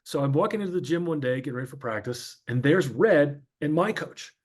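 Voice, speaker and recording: A man in his fifties, originally from northern New Jersey, recounts his path from basketball to broadcasting in a relaxed, chatty way. His voice sits slightly above the usual pitch for men, and he fills his stories with asides and fillers. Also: a little fast. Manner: chatty, anecdotal, frequent fillers. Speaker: podcast guest, former sportscaster. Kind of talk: casual storytelling interview.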